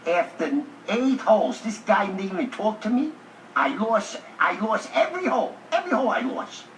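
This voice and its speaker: A man being interviewed, telling a lively anecdote with a streetwise, joking delivery. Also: high voice, fairly quick, a little hiss or hum. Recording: echoey room, distant mic.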